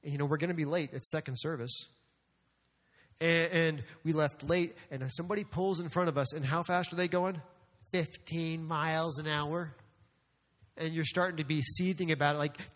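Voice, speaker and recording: High-voiced pastor preaching in a reverberant hall. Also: male voice, normal speed. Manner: animated, rising to emphatic outbursts. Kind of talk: sermon. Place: church sanctuary. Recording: long reverb of a church hall.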